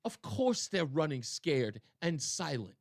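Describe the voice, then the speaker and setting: A man's voice: fairly high pitch, sing-song, slow, creaky, no room sound. A male talk radio host giving sarcastic, mocking political commentary on a studio mic.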